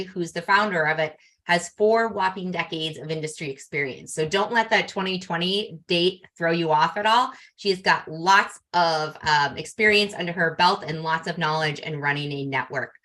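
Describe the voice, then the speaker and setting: An upbeat woman hosts an online event and introduces the next segment. Her voice is bright and forceful. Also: lowish voice, poor audio. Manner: upbeat, chatty. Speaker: event host. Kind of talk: webinar presenting.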